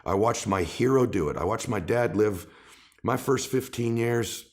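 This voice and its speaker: A man's voice: lowish voice, lively intonation, moderate pace. A middle-aged man, a guest author in an interview, telling personal stories with emphatic, building passion. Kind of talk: conversational interview storytelling.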